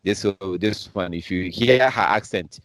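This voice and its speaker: A man's voice: on the low side, measured pace, fairly bright tone, no room sound. African-born preacher guy ranting over news clips, repeats himself, scornful, dry sound. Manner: heated, repetitive, scornful. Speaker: online preacher.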